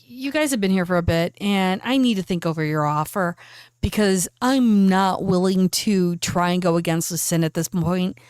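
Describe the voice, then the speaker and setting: A woman's voice: mid-range voice, darkish tone, clean tone, no room sound, clean studio sound, lightly acted. A woman voicing a nervous, weary male club owner who talks in a jittery, defensive way.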